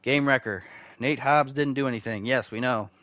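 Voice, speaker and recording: A man's voice: medium pitch, moderate pace, a bit bright, no echo, highs cut off. A young man in casual gameplay commentary, rambling and self-deprecating while reading off game stats. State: uncomfortable, needs the bathroom. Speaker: video game franchise mode host.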